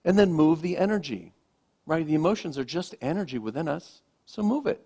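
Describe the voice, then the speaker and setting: A man, a minister, giving a gentle, reflective sermon with slow, emphatic pauses, speaking to a congregation in a church. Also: on the high side, expressive, slightly rough. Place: church sanctuary.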